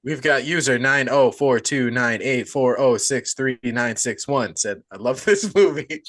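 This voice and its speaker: A man's voice: medium pitch, measured pace, fairly bright tone, no room sound. A man hosting a horror movie podcast in loose, casual chat, swearing freely and joking around. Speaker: podcast host.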